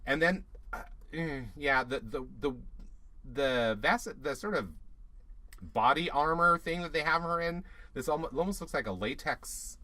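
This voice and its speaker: Bright-voiced snarky male co-host. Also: fairly high pitch. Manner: chatty, snarky, quick asides and mock voices. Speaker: podcast co-host. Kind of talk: casual recap chat.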